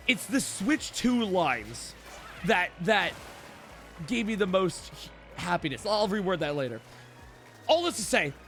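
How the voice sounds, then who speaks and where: A man's voice: sits high, fairly bright tone. A young man streaming, telling a rambling story to his chat with lots of "like" and restarts.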